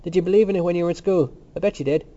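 A man voicing a calm, blunt young man who keeps asking his friend questions, read in a slightly raised voice. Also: high voice, racing, muffled recording, pitched above the performer's own voice, natural voice. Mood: probing.

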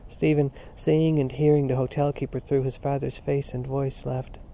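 A man narrating a novel as an audiobook in a measured, even manner, on a dull lo-fi recording. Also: medium pitch, creaky, slight background noise.

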